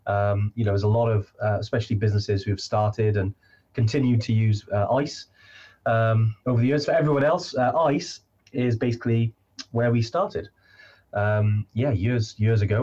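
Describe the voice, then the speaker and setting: Male live-stream host, husky, chatty, lots of ums, muffled audio. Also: lowish voice, a little mellow. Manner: hesitant, many fillers, chatty. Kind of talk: casual live chat.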